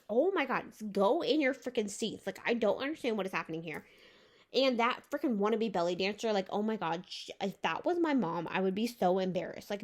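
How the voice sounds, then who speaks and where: Exasperated young woman ranting. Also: medium pitch. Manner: exasperated, swears and says "like" often. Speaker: vlogger. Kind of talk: casual storytelling rant.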